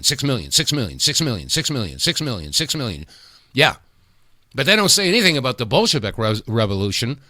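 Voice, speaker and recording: A man's voice: mid-range voice, bright, forceful tone, dry recording, clean studio sound. A man hosting a talk radio show, talking in a folksy, emphatic way and calling his listeners folks.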